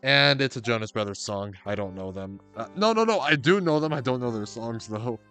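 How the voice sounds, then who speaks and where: A male streamer chatting casually while playing through a story game, mid-pitched and relaxed in tone. He jokes, laughs and now and then curses at what happens on screen. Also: a little fast, smooth, soft background music. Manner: casual, joking, swears and laughs. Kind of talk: casual game stream, reading dialogue aloud.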